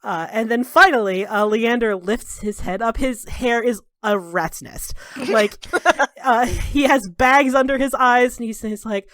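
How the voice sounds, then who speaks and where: A woman's voice: on the high side, unhurried, fairly bright tone, dry recording, clean studio sound. A woman running a tabletop game as game master, narrating with a playful, giggly manner.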